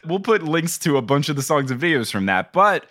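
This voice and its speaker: A man co-hosting a sports podcast in casual chat, playful and quick to laugh. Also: a little high, very animated, fairly bright tone, no echo, studio quality. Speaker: podcast co-host.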